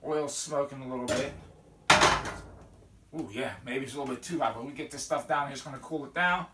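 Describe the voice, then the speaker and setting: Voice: mid-range voice, a little fast, very noisy. A cooking show host giving a casual, folksy demonstration at the stove, often checking in with "okay?" and letting out sudden whoops. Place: kitchen at a stove. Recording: echoey kitchen from a distant mic, with sizzling pans.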